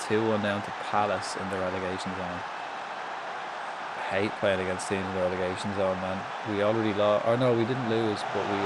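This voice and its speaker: An Irish streamer with a voice on the low side commentates live on a football management game, swearing freely. He's excitable and keeps chatting with his viewers, all over a very noisy recording.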